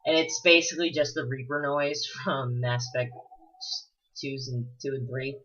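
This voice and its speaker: A man's voice: mid-range voice, level tone, normal speed, pushed and bright, a little hiss or hum. A man giving rambling, casual let's-play commentary full of fillers and the odd swear word. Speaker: gameplay commentator. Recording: dull lo-fi recording.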